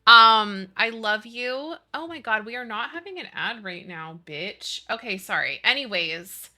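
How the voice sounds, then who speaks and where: Bubbly, bright-voiced woman streamer. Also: on the high side, expressive, a little slow. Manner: bubbly, swears freely, apologetic while fiddling with settings. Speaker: live streamer. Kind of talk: casual live-stream chat.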